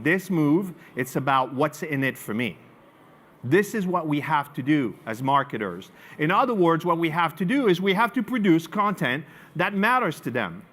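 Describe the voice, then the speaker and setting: A French man with a French accent and a slightly high voice gives a live marketing presentation to an audience. He is an animated storyteller, swinging between loud emphasis and quiet asides.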